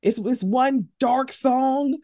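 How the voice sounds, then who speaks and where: A young woman hosting a podcast in casual chat, animated and jumping into high, excited voices as she tells stories. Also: slow, no echo, clean studio sound. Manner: animated, swings into high excited voices when quoting herself. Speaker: podcast host.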